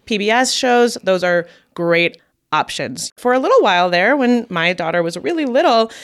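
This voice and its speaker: In her thirties, this woman co-hosts a parenting podcast and chats candidly, swearing freely and laughing often. Her medium-pitched voice is animated and keeps a normal speed.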